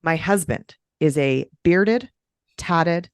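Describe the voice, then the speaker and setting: A woman who runs breathwork sessions, chatting on a podcast and telling stories with an animated, swooping delivery. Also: takes it slowly, clear, resonant tone, no room sound, studio quality. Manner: animated storytelling, big pitch swings. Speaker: breathwork facilitator. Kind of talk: podcast conversation.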